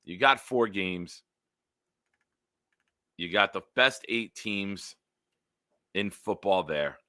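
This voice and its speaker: A man's voice: deep voice, animated, slow, pushed and bright, dry recording, clean studio sound. A man hosting a casual football live stream, blunt and opinionated, with some profanity. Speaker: host.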